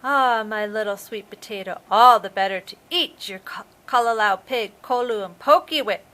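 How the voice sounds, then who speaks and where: Lady teacher doing a sneaky magic shark guy from a storybook, sugary then shouty, slow and bright. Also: medium pitch. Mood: angry shouting. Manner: coaxing sweet-talk turning to angry shouts. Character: sly male magic shark posing as grandmother.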